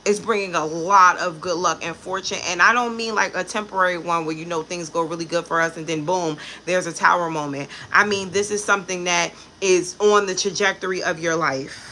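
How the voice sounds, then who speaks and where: A woman's voice: fairly low pitch, brisk, few pauses, pushed and bright, slight background noise. A woman giving a casual tarot reading to camera, blunt and profane, with chatty asides about people she has met. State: pregnant. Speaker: tarot reader.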